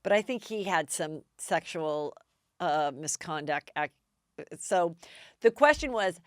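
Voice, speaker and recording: A woman's voice: expressive, takes it slowly, no echo, clean studio sound. A woman hosting a casual gossip podcast, telling stories in a chatty way and acting out other people's lines. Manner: chatty storytelling, acts out quotes with big pitch jumps. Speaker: podcast host. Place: Los Angeles.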